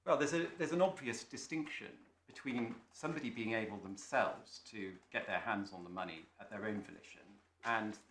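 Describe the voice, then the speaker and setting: Male barrister, formal, measured submissions; echoey courtroom. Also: fairly low pitch, a bit bright. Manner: measured, formal, with small restarts. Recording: echoey courtroom, faint noise.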